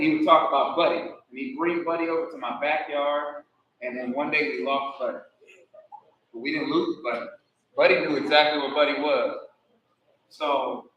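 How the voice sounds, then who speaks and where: A man with a bright, fairly high voice delivers a eulogy at a memorial service. He tells lively, animated stories and slips into imitations of the deceased. The sound is distant and echoey, with faint ambient noise. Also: muffled recording. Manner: animated, laughing, mimics the deceased. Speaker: eulogy speaker. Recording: echoey hall, voice from far off.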